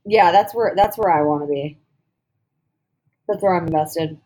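A woman's voice: lowish voice, moderate pace, mellow. A woman co-hosting a podcast in casual chat, sarcastic and blunt, swearing freely. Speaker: podcast co-host.

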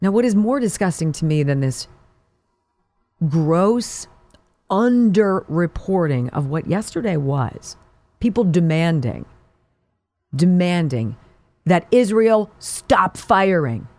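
A woman host delivers sharp, sarcastic commentary with a lively, swooping pitch. Her mocking tone carries through each point. The recording is close and dry. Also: slow, long pauses, dry recording. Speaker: talk show host. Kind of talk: opinion talk show commentary.

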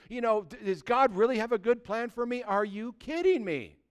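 A man preaching with a high voice that sounds smooth and resonant. He drives his points home with fervor, then sinks to a low, slow hush for weight, slipping now and then into the voices of the people he quotes. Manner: impassioned preaching, swings from loud exhortation to hushed, drawn-out emphasis. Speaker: pastor. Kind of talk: sermon.

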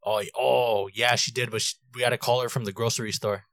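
A man's voice: medium pitch, steady tone, quick pace, over a noisy crowd. A man in his twenties, a podcast co-host telling a long story in casual chat, rambling, laughing often and swearing freely.

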